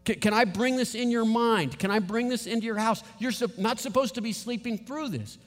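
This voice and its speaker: Brief: man playing a politely insistent mover, high-pitched, in a reverberant hall. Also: a little fast. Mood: asking. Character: polite male moving-truck worker asking permission.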